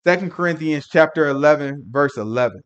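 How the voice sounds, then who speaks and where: A man teaching a Sabbath Bible lesson in an animated, rambling way, laughing often and breaking into emphatic asides. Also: a little high, a little fast, dull audio.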